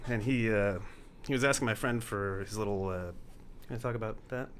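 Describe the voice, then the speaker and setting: A man's voice: fairly low pitch, brisk, fairly bright tone, slight background noise. A young man, a podcast guest, telling a long story casually, rambling and restarting, often laughing as he goes. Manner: rambling, self-interrupting, laughs through his story.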